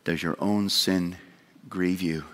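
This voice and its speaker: A man preaching a sermon in earnest, moving between raised emphasis and hushed appeals. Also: sits low, steady tone, takes it slowly. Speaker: pastor. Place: church sanctuary. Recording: long church hall reverb.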